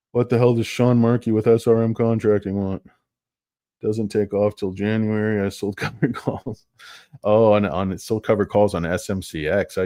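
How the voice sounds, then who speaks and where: Middle-aged male stream host, very low voice, dry close sound, rambling and crude. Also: no echo. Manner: crude joking asides, tangents, loud bursts. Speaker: stock market livestream host. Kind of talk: rambling casual market commentary.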